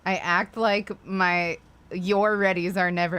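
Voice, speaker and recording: A woman's voice: on the low side, steady tone, slow, fairly bright tone, clean tone. A woman hosting a casual livestream and chatting to viewers, ranting with frequent swearing and apologetic asides. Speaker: livestream host.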